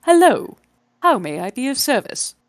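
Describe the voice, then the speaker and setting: A woman's voice: high-pitched, big pitch swings, normal speed, pitched above the performer's own voice. A woman voicing a clockwork automaton that speaks in a garbled, recorded-sounding, matter-of-fact voice. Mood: polite.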